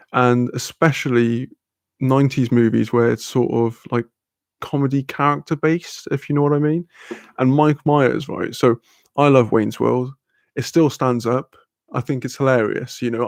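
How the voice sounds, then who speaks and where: A British man rambles through a casual live-stream chat, swearing freely and laughing often as he reads viewer comments. His voice has a gravelly fry and sits at an ordinary pitch. The sound is dry and close, with no room echo. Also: a little mellow.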